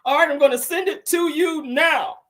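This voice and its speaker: A woman's voice: sits high, moderate pace, voice pushed up, natural voice. A woman putting on a flustered male office worker who gives nervous, fussy instructions.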